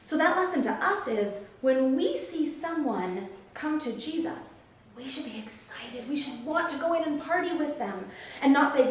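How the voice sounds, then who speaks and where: A woman telling a Bible story to children in an animated way, acting out the characters' lines. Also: sits high, normal speed, far from the mic. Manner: animated, acts out characters' quotes. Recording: very echoey room, faint background noise.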